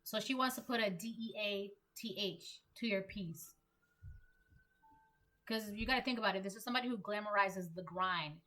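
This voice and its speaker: A woman's voice: medium pitch, normal speed, sharp tone. A young woman giving a casual collective tarot reading, emphatic and repetitive, full of "like". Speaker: tarot reader.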